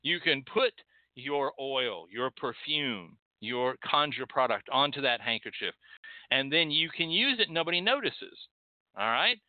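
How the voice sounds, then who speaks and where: A man hosts a casual livestream, teaching in an animated, emphatic way and checking in with "okay?" every few sentences. His pitch swings widely from line to line. The sound is dry and tinny, like a phone line. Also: measured pace, no room sound. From Texas. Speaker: host.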